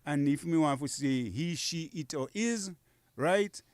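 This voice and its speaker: On a radio show, a guest with a voice on the high side teaches Kokoy dialect in a casual lesson, patiently repeating each phrase. He sounds animated and a little slow, and the studio recording is clean with no room sound.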